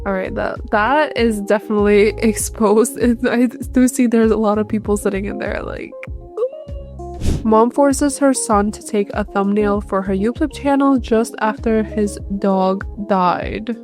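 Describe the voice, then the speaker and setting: A woman's voice: medium pitch, a little slow, darkish tone. Female host, casual reaction commentary, blunt judgments, light music bed. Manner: blunt, disapproving remarks.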